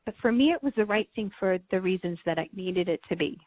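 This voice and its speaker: A woman's voice: mid-range voice, expressive, fast talker, no room sound. A middle-aged woman, a podcast guest, earnestly telling a personal story and repeating words when moved. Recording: thin phone-like line, dry.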